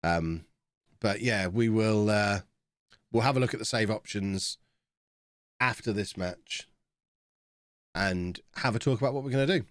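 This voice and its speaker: A man's voice: fairly low pitch, measured pace, pauses often, no echo, studio quality. A man in his thirties, chatting casually with viewers while reacting to a live game stream.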